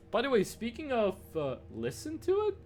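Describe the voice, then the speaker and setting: A young man chats into his desk mic during a live stream, his voice pitched high and swinging widely as he rambles. He drifts between game chatter and stories, full of fillers. Faint music plays quietly underneath. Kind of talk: casual live-stream chat while gaming. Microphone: desk mic with webcam on monitor.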